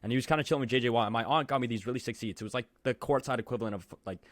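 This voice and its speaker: A young man hosting a podcast, telling stories in a rapid, excitable way. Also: medium pitch, dry recording. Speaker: podcast host. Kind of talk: casual chat.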